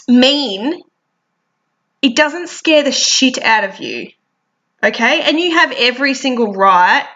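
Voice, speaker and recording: Blunt, teary woman, high voice. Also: sharp tone, dull audio. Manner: blunt and frank, swears freely. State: teary and sniffly. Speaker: vlogger. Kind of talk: candid personal vlog.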